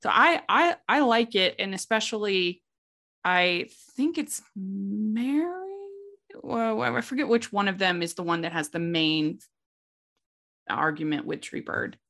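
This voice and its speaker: A woman hosting a casual film discussion, chatty and quick to laugh. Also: mid-range voice, gravelly, fairly bright tone. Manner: chatty, laughs often, many restarts. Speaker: podcast host.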